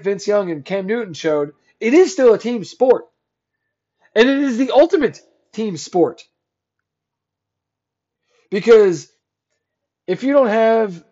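A man with a high-pitched voice hosts his own sports podcast, ranting sarcastically and growing heated as he goes. The audio is dull and lo-fi. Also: darkish tone. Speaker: podcast host. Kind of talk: solo sports podcast rant.

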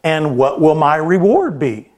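A man doing a calm, smiling fisherman. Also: fairly high pitch, unhurried. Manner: calm, gently questioning.

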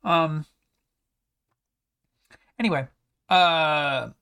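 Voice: medium pitch, drawn-out words, bright, forceful tone, smooth. An anime reviewer talking casually, rambling with many restarts and sarcastic asides.

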